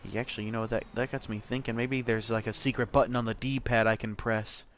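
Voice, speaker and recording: A man's voice: medium pitch, flat delivery, quick pace, slight background noise. A young man giving loose, profane commentary while he plays a game, rambling casually and calling his viewers "bro" and "man.". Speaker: gameplay streamer.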